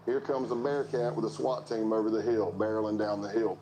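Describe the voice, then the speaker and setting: A man's voice: on the low side, brisk, a little hiss or hum, rough recording. Man telling his story, acting out voices. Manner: animated storyteller, acts out dialogue. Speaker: former undercover informant. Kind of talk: recounting events in an interview.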